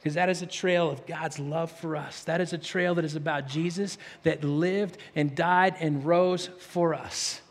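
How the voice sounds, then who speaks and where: A man's voice: a little high, measured pace, hardly any pauses. A man preaching a sermon, telling stories earnestly and with animation, then leading a prayer. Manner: earnest, animated storyteller with stammered restarts. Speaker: pastor. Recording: long reverb of a large hall.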